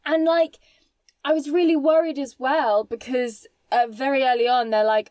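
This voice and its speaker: A woman's voice: high-pitched, fairly even intonation, moderate pace, a little mellow, dry recording. A woman co-hosting a casual film podcast, emphatic and swearing freely as she talks. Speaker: podcast co-host.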